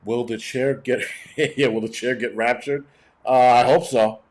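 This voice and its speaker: A man's voice: mid-range voice, steady tone, a little slow, darkish tone. A middle-aged man hosting a livestream, reading chat and ranting bluntly with heavy cursing in a cranky, rambling way.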